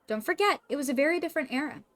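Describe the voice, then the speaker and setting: A woman's voice: high-pitched, expressive, very fast, voice pushed up. Woman doing a French-accented refined chef. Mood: measured. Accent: put-on French.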